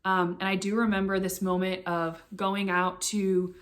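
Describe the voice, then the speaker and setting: Earnest young woman telling a story haltingly. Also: mid-range voice, flat delivery. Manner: earnest, halting, full of "like" fillers and restarts. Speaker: vlogger telling a personal story. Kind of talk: personal storytelling to camera.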